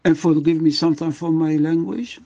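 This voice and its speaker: A man's voice: a little high, fairly even intonation, brisk, mellow, lo-fi sound. An older man, a guest doctor, speaking with emotion and emphasis in a radio interview, often repeating his words. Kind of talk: impassioned radio interview talk.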